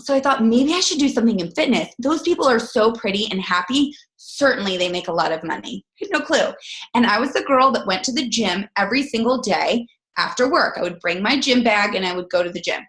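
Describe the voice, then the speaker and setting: A woman's voice: on the high side, lively intonation, brisk, fairly bright tone. A woman in her thirties telling a personal story as a guest speaker, acting out her own dialogue. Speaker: guest speaker on a team call. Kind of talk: storytelling talk on a conference call.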